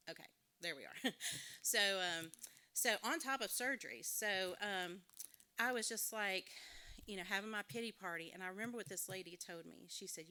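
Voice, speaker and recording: Woman, middle-aged, frank and chatty devotional speaker, clear tone. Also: mid-range voice, sharp tone. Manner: candid, conversational, self-deprecating humor. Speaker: conference speaker. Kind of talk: devotional talk to a women's audience.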